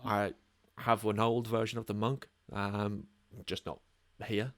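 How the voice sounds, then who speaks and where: A man's voice: fairly low pitch, a little slow, no echo. A man with an English accent hosting a casual podcast, rambling along with lots of ums. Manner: relaxed, rambling, many ums. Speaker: podcast host.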